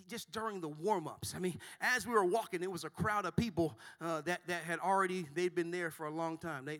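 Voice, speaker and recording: A male pastor in his forties preaching a sermon in a church, building from quiet storytelling to shouting. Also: a little high. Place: large church auditorium.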